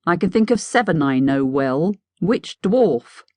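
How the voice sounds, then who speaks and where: A woman's voice: lowish voice, expressive, a little slow, no echo. A woman voicing an impatient, weary male hero with a curt, exasperated manner in an audiobook. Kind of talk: audiobook character voice.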